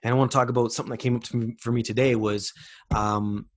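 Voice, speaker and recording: A man's voice: medium pitch, fairly even intonation, fast. A man giving a spiritual self-help monologue, loose and rambling, swearing for emphasis and asking the listener question after question. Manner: emphatic and profane, with repeated rhetorical questions. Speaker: vlogger.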